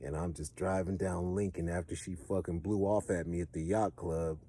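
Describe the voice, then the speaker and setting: A man with a Los Angeles accent speaks in a fairly low, dark and mellow voice. He tells a long street story in casual, profane slang, sometimes animated and sometimes dropping to a low mutter as he gives advice. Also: moderate pace, slightly rough.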